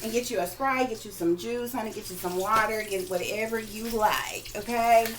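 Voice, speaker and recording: A woman hosting a casual cooking video, talking slowly and warmly to her viewers as guys and y'all. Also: a little high, noisy background. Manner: slow, drawn-out, homey, addresses viewers as guys and y'all. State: talking with mouth full at times. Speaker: cooking vlogger. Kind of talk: casual cooking demo chat.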